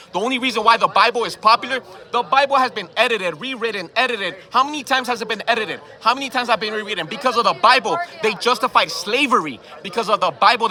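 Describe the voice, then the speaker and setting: A man's voice: high voice, sharp tone. A man confronting people in a heated outdoor argument, firing repeated questions and swearing, filmed on his own phone camera. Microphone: phone camera held by the speaker.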